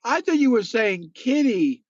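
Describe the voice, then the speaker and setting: A man with a high voice chimes in with short questions and quick reactions in a casual chat. His sound is dry and a little dull. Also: sing-song, a little mellow, dry recording.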